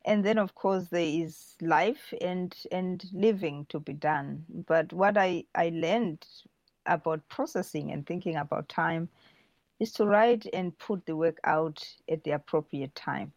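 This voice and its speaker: A woman's voice: fairly low pitch, a little slow, a little mellow, no room sound, highs cut off. A woman author answering questions thoughtfully, often restarting her sentences.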